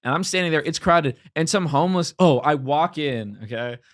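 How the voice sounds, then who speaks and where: A man's voice: on the high side, expressive, moderate pace, no room sound, studio quality. A young man from Los Angeles telling a rambling story on a podcast, with lots of "like" fillers, acting out voices as he goes. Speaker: podcast host. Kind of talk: casual storytelling chat.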